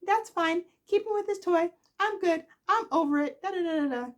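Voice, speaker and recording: A woman's voice: very high voice, normal speed, pitched above the performer's own voice. A woman voicing a proud soap-opera daughter who acts breezy and unbothered while seething. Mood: airy. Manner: breezy, airy, falsely nonchalant. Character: proud, scheming soap daughter feigning calm.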